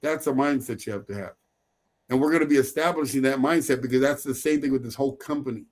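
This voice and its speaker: A man's voice: mid-range voice, quick pace, darkish tone. A middle-aged man giving a motivational sales training talk, emphatic and repetitive, often breaking into laughter.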